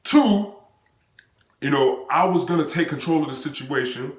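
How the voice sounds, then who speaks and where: Animated young man telling a street story. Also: a little high, moderate pace. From United States. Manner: excitable, acts out quotes and sound effects, slangy and profane. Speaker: vlogger telling a personal story. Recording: roomy echo.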